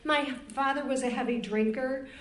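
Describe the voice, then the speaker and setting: In a retreat's roomy conference room, a recovery panel speaker, an older woman from Cleveland, Ohio, rambles candidly through her personal testimony. Her high voice is steady and fairly bright, delivered at a normal speed.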